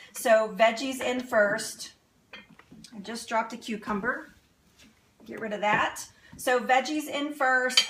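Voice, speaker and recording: A woman's voice: fairly high pitch, noisy background. A woman hosting a live cooking demonstration in her home kitchen, chatty and upbeat, laughing often. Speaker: cooking show host.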